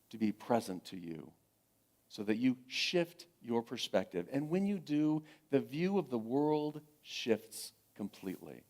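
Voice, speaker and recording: A middle-aged man preaching a sermon as minister, gentle and encouraging, conversational, repeating his phrases and telling family stories. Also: medium pitch.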